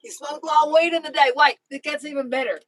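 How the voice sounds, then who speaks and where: A woman's voice: sits high, fairly even intonation, fast, no echo, rough recording. A woman with a mixed New Jersey and Tennessee accent hosting a casual livestream, rambling chattily and reading out viewer comments. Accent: mix of New Jersey and Tennessee. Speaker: YouTube livestream host.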